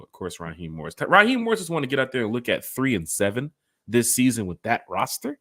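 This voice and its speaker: Animated man hosting a fan podcast. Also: medium pitch, quick pace. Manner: animated, rambling, talks straight to his co-host. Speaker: podcast host. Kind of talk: casual sports fan chat.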